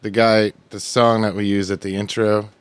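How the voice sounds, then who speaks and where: Low-voiced guy hosting a chill podcast, jokey, stretches out the intro. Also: level tone, smooth, no echo. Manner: joking, drawn-out announcer-style intro. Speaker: podcast host. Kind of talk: casual chat.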